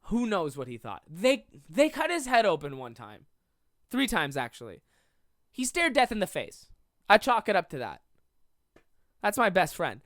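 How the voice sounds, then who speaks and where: A man's voice: high-pitched, huge pitch swings, normal speed, long pauses, fairly bright tone, no echo, studio quality. A young man hosting a solo comedy podcast, telling rambling stories and slipping into silly voices to act them out. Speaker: podcast host.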